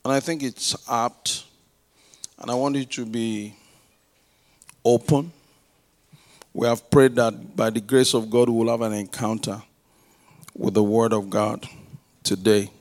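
A middle-aged male pastor preaching a sermon, praying aloud, calling for responses and telling stories with loud, emphatic swells. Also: mid-range voice, steady tone, a little slow, pauses often. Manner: prays aloud and uses call-and-response with the congregation.

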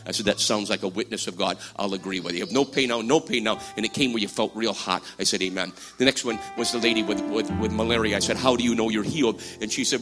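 A man preaching a sermon, swinging from hushed, slow passages to loud, emphatic ones. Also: fairly low pitch, fairly even intonation. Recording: music playing behind voice.

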